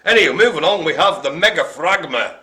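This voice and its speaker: A man's voice: on the high side, expressive, brisk, pushed and bright. A man hosting a live online bingo game, full of jokes and wordplay. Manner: joking, wordplay, playful asides. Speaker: bingo host.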